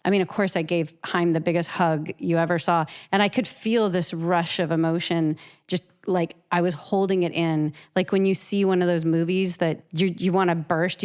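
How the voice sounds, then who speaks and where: A woman's voice: fairly low pitch, darkish tone, clear, resonant tone. A woman artist telling an earnest, emotional personal story as an interview guest, often restarting and repeating her words.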